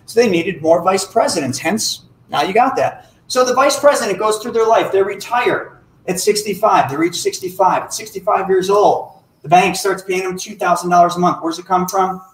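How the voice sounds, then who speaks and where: A man giving an explanatory talk about money to an audience, acting out little dialogues in an animated way. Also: high-pitched, moderate pace, few pauses, echoey room, poor audio. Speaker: financial educator.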